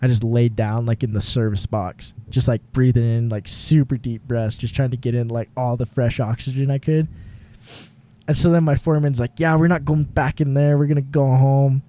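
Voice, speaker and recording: A man's voice: mid-range voice, fairly even intonation, moderate pace, warm tone. A young man co-hosting a podcast, telling a long rambling story in casual chat, full of fillers and laughing often. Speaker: podcast co-host. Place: home garage.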